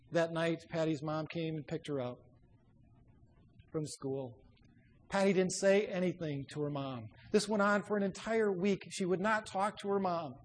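A man delivers an emphatic, exhorting sermon, often dropping his voice low and soft to drive a point home.

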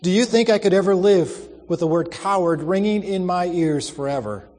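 A remorseful young man, read by a man in a storybook recording. He sounds anguished and self-reproaching, at a slightly raised pitch. A long reverb trails behind his words. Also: lively intonation, moderate pace, darkish tone.

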